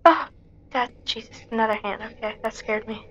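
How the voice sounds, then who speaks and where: A woman's voice: a little high, steady tone, moderate pace, a bit bright, lo-fi sound. A woman giving nervous, jumpy commentary on a horror game, often dropping to a whisper. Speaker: gaming commentator.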